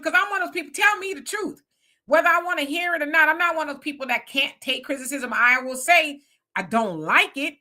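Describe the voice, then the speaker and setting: Woman, 50s, blunt and animated talker, bright forceful voice, slightly high. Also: a little fast. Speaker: panel guest. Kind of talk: casual chat.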